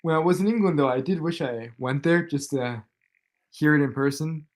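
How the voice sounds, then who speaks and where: A man co-hosting a live football watchalong, making relaxed remarks and giving short agreeing replies. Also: on the high side, moderate pace. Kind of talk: casual live watchalong chat.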